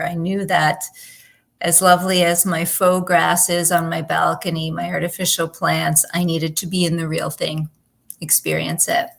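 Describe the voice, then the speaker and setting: A woman guest in a reflective personal chat, speaking in a halting way and searching for her words. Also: fairly low pitch, gravelly, fairly bright tone. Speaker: guest co-host.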